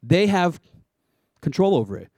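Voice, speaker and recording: A man preaching a sermon in an animated, conversational way, with playful asides. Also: a little high, normal speed, no echo, clean studio sound. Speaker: pastor.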